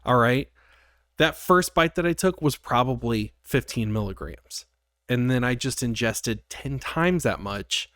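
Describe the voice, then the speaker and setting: A man co-hosting a podcast, telling a story in casual chat with lively, profane energy. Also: medium pitch, unhurried, clean tone, dry recording, studio quality. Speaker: podcast co-host.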